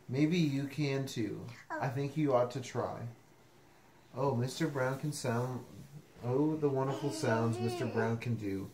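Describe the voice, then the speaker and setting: A woman with a strikingly deep voice reads a children's picture book aloud at an unhurried pace. She playfully acts out the animal and noise sounds and coaxes the listener to try them too. The room is echoey. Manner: coaxing, asks the listener to join in. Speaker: storyteller.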